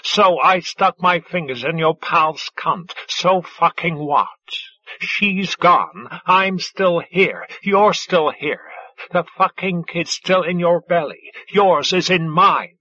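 A male narrator voicing a sardonic adult woman who stays calm, ironic and crude under attack. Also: lowish voice, slow, dull audio, full character voice. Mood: defiant.

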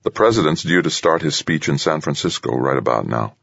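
A man reading the lines of a tired, level-headed woman official in a calm, reassuring way. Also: rumbling low, fairly quick, vocal fry, husky, no echo, lo-fi sound, heavily acted.

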